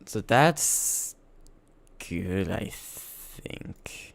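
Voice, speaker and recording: A man live-streaming his game development, thinking aloud in halting, self-correcting casual talk while sounding sleepy. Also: low-pitched, animated, gravelly. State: sleepy, yawning.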